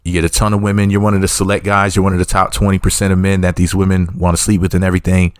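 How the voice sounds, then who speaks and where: A man's voice: low-pitched, level tone, very fast, smooth, dry recording, studio quality. A man working as an entertainment reporter, giving rambling, sarcastic gossip commentary that he keeps padding with mock disclaimers.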